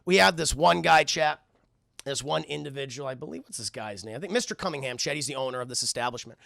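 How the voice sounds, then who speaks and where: Gravelly-voiced man recapping for chat. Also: medium pitch, quick pace, no room sound, studio quality. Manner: animated, profane, keeps addressing chat. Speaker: cartoon reviewer streaming to chat. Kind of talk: casual spoken recap.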